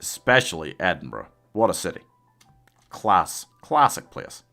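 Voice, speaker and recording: Deep-voiced man streaming, coughing. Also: big pitch swings, unhurried, vocal fry, pushed and bright, faint music behind. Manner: chatty, laughs often, reads out viewer messages. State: coughing, ill. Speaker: live streamer. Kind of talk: casual live gaming stream chat.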